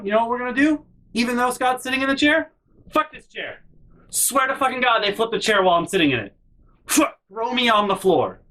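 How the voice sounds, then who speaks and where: A man telling a personal story in an animated, profane storytime rant, talking to his camera in his bedroom and shouting at the peaks. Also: fairly high pitch. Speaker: storytime vlogger. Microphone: handheld camera in his room.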